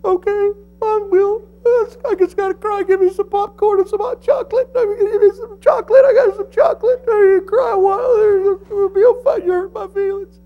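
A man putting on the voice of teenage boys mocking a weepy movie heroine in a high, mock-tearful sob. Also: fairly even intonation, moderate pace, dull audio. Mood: mock sobbing.

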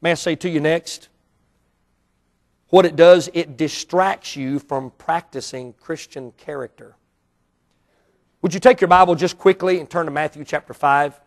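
A Baptist pastor preaches in a church auditorium with a fairly high voice, unhurried and pausing often. He's emphatic, swinging between hushed asides and loud outbursts.

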